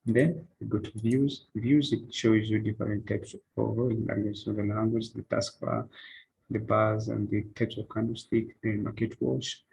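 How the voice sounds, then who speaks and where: Male tutor, low and raspy with vocal fry, plainly walking beginners through a trading platform. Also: little pitch movement, unhurried, a little mellow, low-quality recording. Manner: step-by-step, repetitive "so you come" phrasing with "eh" fillers. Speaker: forex trading instructor. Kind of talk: screen-recorded tutorial walkthrough.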